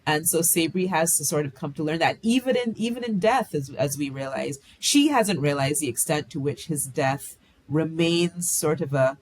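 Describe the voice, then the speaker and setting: A woman author being interviewed, answering in a reflective way and pausing to search for words. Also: low voice, animated. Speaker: author guest.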